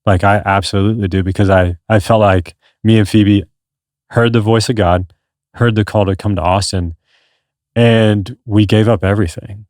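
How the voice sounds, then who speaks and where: A man's voice: fairly low pitch, steady tone, moderate pace, darkish tone, dry recording, studio quality. A man in his thirties, a podcast guest, telling his story in an earnest, rambling conversational way. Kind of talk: casual conversation.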